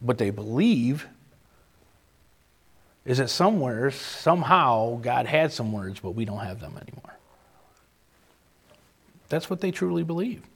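A man's voice: medium pitch, animated, unhurried, gravelly, long pauses, breathy edge. A man preaching a sermon, repeating key phrases for emphasis and acting out the voices of people he quotes.

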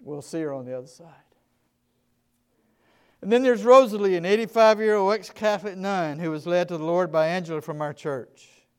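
High, clear-voiced Southern US pastor. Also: male voice, moderate pace. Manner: earnest, emphatic, shifts from quiet to loud. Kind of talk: sermon storytelling.

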